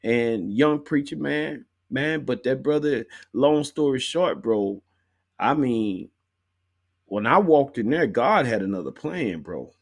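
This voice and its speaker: Lively slangy podcast host, man. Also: mid-range voice, slow, gravelly. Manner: emphatic, slangy, lots of bruh. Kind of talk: casual chat.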